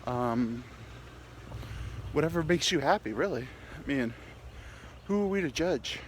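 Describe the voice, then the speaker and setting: A man's voice: fairly high pitch, lively intonation, unhurried. Podcast host, male, candid and crude, talking while he walks uphill, a little winded, faint noise outside. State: slightly winded, walking uphill. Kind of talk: rambling comic monologue. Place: outdoors, walking.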